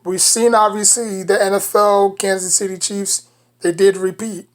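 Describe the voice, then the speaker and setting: A woman's voice: medium pitch, flat delivery, normal speed. Woman, New York accent, sports vlogger, casual commentary, rambling, filler-heavy. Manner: rambling, leans heavily on "you know". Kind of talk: casual basketball commentary to camera.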